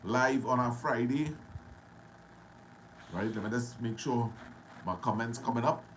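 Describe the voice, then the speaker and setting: A man with a Trinidadian accent hosting a casual live stream, greeting viewers one by one and talking loudly. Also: medium pitch, measured pace, slight background noise, low-quality recording. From Trinidad and Tobago. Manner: greets viewers by name, loud and friendly. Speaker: livestream host.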